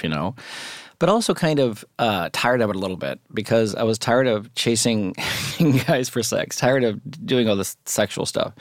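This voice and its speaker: A middle-aged man telling a candid personal story in a relaxed, conversational way as a podcast co-host. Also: fairly low pitch, dry recording, studio quality. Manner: candid, conversational, unhurried recollection.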